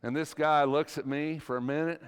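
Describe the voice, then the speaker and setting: A man's voice: on the high side, fairly even intonation, moderate pace, clean tone, in a large hall. Folksy preacher man in a church. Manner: folksy, conversational, many restarts. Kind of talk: sermon with personal story. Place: church sanctuary.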